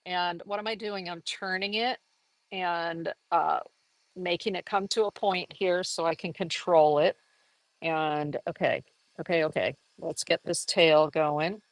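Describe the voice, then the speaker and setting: A lower-pitched woman talks her way through a live painting lesson in a chatty, upbeat manner, breaking into laughs and sudden high exclamations. Her voice sits close and dry, with no room sound around it. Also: fairly even intonation, unhurried, dry recording, low-quality recording. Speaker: art teacher.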